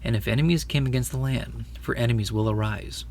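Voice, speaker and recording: A man voicing a great, kingly male lion who speaks in a grave, measured, commanding way. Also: mid-range voice, darkish tone, a little hiss or hum, close to an everyday voice. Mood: solemn.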